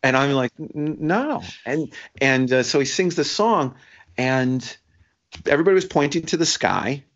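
A man telling a personal story in casual conversation, halting and restarting often and laughing as he talks. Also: mid-range voice, lively intonation, a bit bright. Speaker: guest sharing a story. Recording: dull lo-fi sound.

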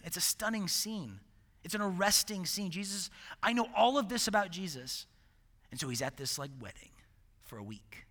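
A man preaching a sermon in a conversational, animated way, swinging between loud emphasis and hushed asides. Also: high-pitched, in a large hall.

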